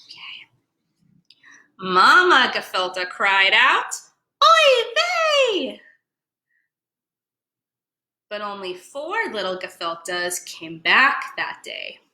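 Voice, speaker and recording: A woman educator reads a picture book to children in a slow, unhurried way, her bright, high voice swooping with lively expression. She stops often to explain words playfully, and the sound rings in an echoey room. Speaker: museum educator. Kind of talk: children's story reading.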